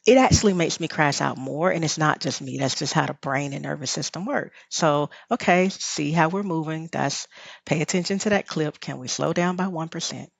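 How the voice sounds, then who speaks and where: A woman's voice: low-pitched, normal speed, vocal fry, dry recording. A woman with a Southern US drawl, a rest teacher and podcast guest, talking in a reflective, guiding way and laughing often. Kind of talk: podcast conversation.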